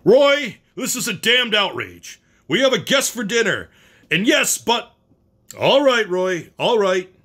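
A man's voice: fairly high pitch, very animated, moderate pace, fairly bright tone, pitched above the performer's own voice. A man reading a short story aloud, voicing a brash, scheming middle-aged husband who talks in a hearty, emphatic, pushy way. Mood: indignant.

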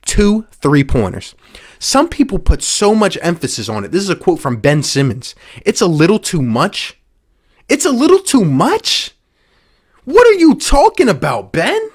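A man from the Philadelphia area hosting a sports show, ranting with sarcastic exasperation and repeating points for emphasis. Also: high voice. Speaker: sports podcast host. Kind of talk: angry sports rant.

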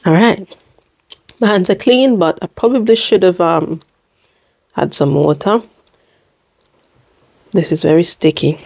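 Female food vlogger, low mellow voice, dry close sound, relaxed chatty delivery. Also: a little slow, gravelly, pauses often, breathy edge, no room sound. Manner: relaxed, chatty, eating between remarks. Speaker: mukbang host. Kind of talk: casual eating vlog chat.

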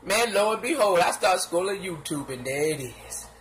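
A man giving casual, animated gossip commentary in slangy talk, laughing and acting out what others said. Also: high voice, normal speed, background noise. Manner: sound effects and repeated filler phrases.

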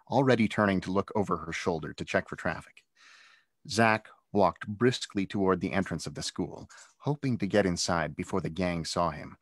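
A man with a deep, low voice reads his own adventure story aloud, steady and expressive. The sound is dry and close, with no room echo. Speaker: author reading his own book. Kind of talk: storybook read-aloud narration.

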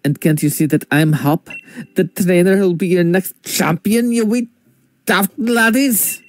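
A man's voice: sits high, unhurried, no room sound, voice pushed up. A man doing a cocky young rival with a put-on Scottish lilt. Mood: boastful. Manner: mock Scottish-flavoured taunting put-on accent. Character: cocky young male game rival, boastful.

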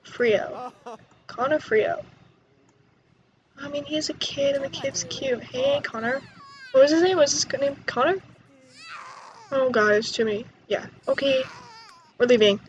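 Excitable high-voiced woman gaming. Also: measured pace, pauses often, muffled recording, slight background noise. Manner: excitable, chatty, gasps and laughs. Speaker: gaming YouTuber. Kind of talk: let's play commentary.

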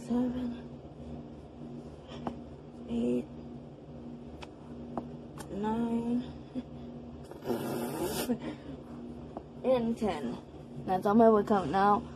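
A woman's voice: mid-range voice, animated, very slow, pauses often, background noise. A woman talking casually in a home vlog, counting her exercises aloud and chatting to her dogs. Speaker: vlogger.

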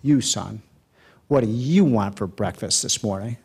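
A man voicing an enraged mother who scolds her young sons slowly and sternly while telling a joke. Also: on the low side, gravelly, darkish tone, slightly rough, pitched below the performer's own voice, full character voice. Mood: angry.

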